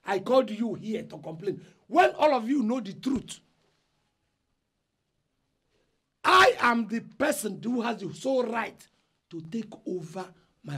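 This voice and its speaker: An actor with a Nigerian accent playing an indignant eldest brother who loudly lectures his family about his inheritance rights. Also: sits high, slightly rough, exaggerated voice. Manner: loud, agitated, lecturing. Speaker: eldest son in a family dispute. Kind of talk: Nollywood film acting.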